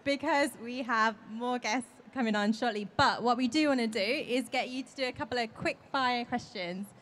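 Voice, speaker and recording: Woman, panel host, brisk, slightly high voice. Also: a bit bright. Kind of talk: hosting a live panel.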